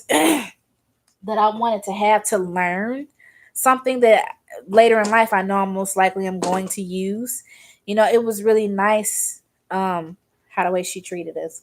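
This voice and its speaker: Chatty young woman vlogging her makeup. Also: mid-range voice. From Arkansas. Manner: rambling and conversational, Southern slang. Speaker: beauty vlogger. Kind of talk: chatty makeup tutorial storytelling.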